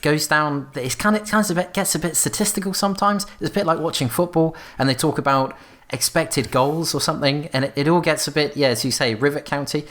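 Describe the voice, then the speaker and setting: A man co-hosting a podcast, talking casually and thinking aloud with many pauses and fillers. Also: on the high side, fairly bright tone. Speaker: podcast co-host.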